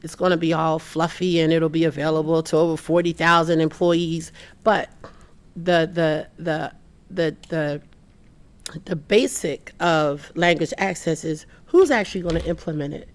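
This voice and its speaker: A woman's voice: low-pitched, moderate pace. Earnest woman panelist. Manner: earnest, acts out quoted people in lively voices. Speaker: panelist on immigrant mental health. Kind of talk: panel talk.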